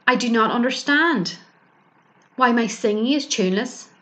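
A woman's voice: fairly high pitch, normal speed, fairly bright tone, lightly acted. A woman doing a childlike little bear. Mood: tearful. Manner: childlike and pleading. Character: little male bear, childlike, eager and easily upset.

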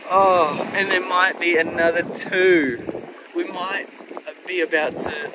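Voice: mid-range voice, slow pace. A vlogger beachcombing outdoors, exclaiming often in thrilled disbelief. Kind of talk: excited shelling vlog. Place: beach at low tide, outdoors. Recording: wind noise on an outdoor mic. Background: wind and open-air ambience.

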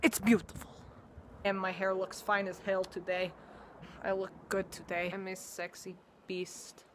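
A woman voicing a vain, boastful male Russian figure skater in a slow, lowered drawl with a put-on Russian accent, for a cosplay comedy skit. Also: little pitch movement, slight background noise, natural voice. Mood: smug.

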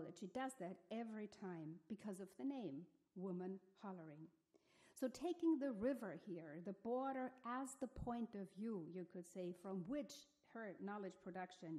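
A woman's voice: mid-range voice, dark tone. A woman speaking at a museum symposium, giving an academic talk in a thoughtful, hesitant way with many fillers and restarts.

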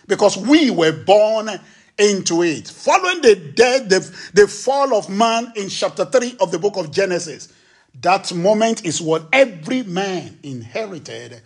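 A man's voice: sits high, slightly rough. A male preacher delivering a sermon, emphatic, asking rhetorical questions and acting out quotes.

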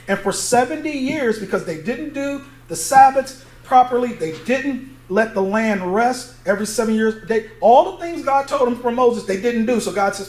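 A man's voice: very high voice, animated, moderate pace, hardly any pauses, darkish tone. A male pastor teaching a Bible study sermon in a conversational way, asking his congregation to fill in words as he reads scripture aloud. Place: church sanctuary. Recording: echoey church room, faint noise.

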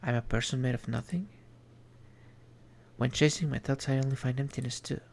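A man streams an indie game and reads its text aloud in a measured, reflective manner, dropping in small asides. His voice is mid-range and gravelly with a darkish tone.

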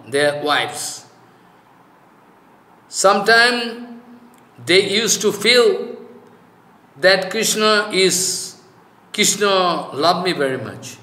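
A man giving a devotional scripture discourse as a spiritual teacher, in halting informal English full of "you know" and emphatic repetition. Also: high-pitched, pushed and bright, roomy sound. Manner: emphatic, repeats key phrases.

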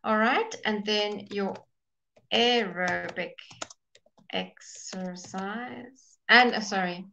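A woman teaching a live online English class, explaining slowly and patiently and sounding out of breath. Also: mid-range voice, creaky, sharp tone, a little hiss or hum, poor audio. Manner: slow, explaining patiently, with fillers and restarts. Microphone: webcam or computer mic.

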